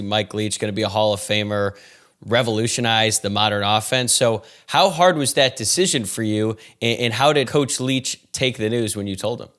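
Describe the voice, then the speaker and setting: Man, fairly low voice, podcast host, curious conversational questions. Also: a bit bright. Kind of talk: interview questions.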